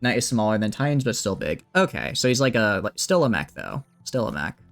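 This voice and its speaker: A man's voice: fairly low pitch, big pitch swings, brisk, gravelly, fairly bright tone, soft background music. A man streaming a game, chatting casually and thinking aloud as he plays. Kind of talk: casual gameplay commentary.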